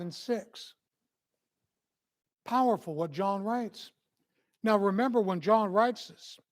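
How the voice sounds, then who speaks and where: Slow, high-voiced male preacher. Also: darkish tone. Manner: earnest, emphatic preaching with acted quotes. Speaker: minister. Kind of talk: sermon. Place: church.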